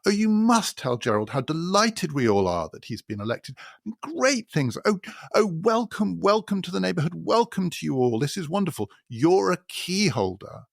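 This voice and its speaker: A man's voice: high-pitched, sing-song, moderate pace, vocal fry, dry recording, studio quality, voice pushed up, full character voice. A man voicing a delighted male neighbour who gushes in fluttering exclamations. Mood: gushing.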